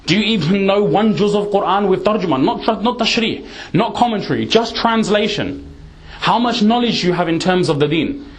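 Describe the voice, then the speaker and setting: A man's voice: high voice, expressive, moderate pace. A man giving an earnest, emphatic sermon, dropping in Urdu, Punjabi and Arabic words. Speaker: Islamic preacher.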